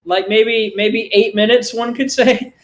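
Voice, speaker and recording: Slow, laid-back player in a roomy space. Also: medium pitch, fairly even intonation, slight background noise. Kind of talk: tabletop game play.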